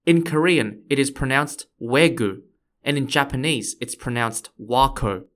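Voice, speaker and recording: Man, podcast host, friendly explanatory read of scripted history, mid-pitched voice. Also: moderate pace, fairly bright tone. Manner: friendly, explanatory, occasionally playful.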